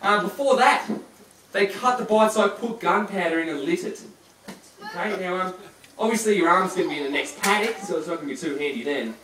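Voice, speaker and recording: Before an audience in a large room, a man with a high, expressive voice briskly presents a live reptile show, teasing the crowd and his volunteer in a chatty, joking way. The recording is echoey and distant, with crowd noise.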